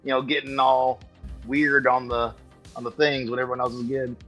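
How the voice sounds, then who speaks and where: A man's voice: mid-range voice, little pitch movement, normal speed, fairly bright tone, faint music behind. A man co-hosting a casual livestream, chatting in an easygoing way. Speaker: co-host.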